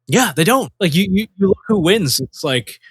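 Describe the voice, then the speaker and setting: A man's voice: sits high, animated, normal speed, fairly bright tone, slightly rough. A man hosting a casual podcast chat, rambling, repeating words as he talks. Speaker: podcast host.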